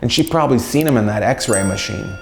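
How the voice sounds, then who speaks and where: Stand-up comedian man, storytime between clips, gravelly, lively delivery, echoey room. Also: a little fast, slight background noise. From Canada. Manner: animated, jumps into loud high impressions and laughs.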